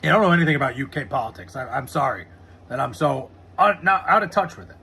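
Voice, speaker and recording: American male streamer, husky edge, sharp bright tone, loose foul-mouthed chatter. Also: mid-range voice, animated, fast talker. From United States. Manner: loose and profane, lots of "like" fillers. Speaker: live streamer reading chat. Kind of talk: casual rambling chat.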